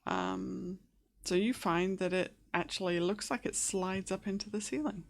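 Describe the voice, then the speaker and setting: A woman's voice: mid-range voice, a little slow, gravelly. A woman running a tabletop game as game master, describing scenes hesitantly with many fillers and restarts.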